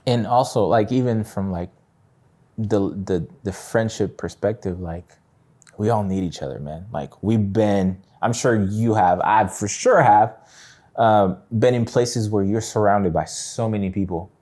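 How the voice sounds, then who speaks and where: A man's voice: lowish voice, unhurried, dark tone. A young adult man chatting as a podcast guest in a laid-back way, saying "bro" and "man" often. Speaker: guest musician. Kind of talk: casual chat.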